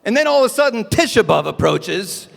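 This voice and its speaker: A high-pitched man with vocal fry talks a little fast through a chatty stand-up set at an evening event, animated, self-mocking, and acting out bits. The long reverb of an event hall with a live audience comes through on the recording.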